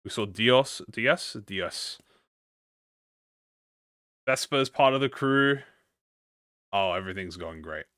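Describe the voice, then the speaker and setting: A man's voice: fairly low pitch, lively intonation, takes it slowly, long pauses, sharp tone, dry recording, studio quality. A man livestreaming, chatting casually with viewers and reading a story aloud, stuttering and restarting often. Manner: encouraging, talks to chat with slang.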